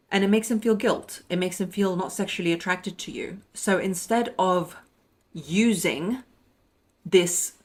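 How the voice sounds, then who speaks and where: A young adult woman, heavily pregnant, giving relationship coaching in a lively monologue and acting out the lines she quotes. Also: unhurried. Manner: animated, acts out quoted voices with pitch jumps.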